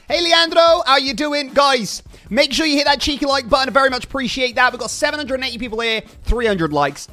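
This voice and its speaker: Male streamer, high pitch and sharp bright tone, upbeat casual chatter, faint music behind. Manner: upbeat, reads out chat names and thanks donors. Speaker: livestreamer. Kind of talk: casual livestream chat.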